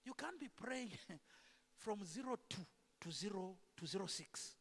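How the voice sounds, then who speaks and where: High-voiced, animated preacher. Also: male voice, a little slow, vocal fry, slightly rough. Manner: animated, rhetorical questions to the congregation. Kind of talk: sermon. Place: church sanctuary. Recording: echoey church hall.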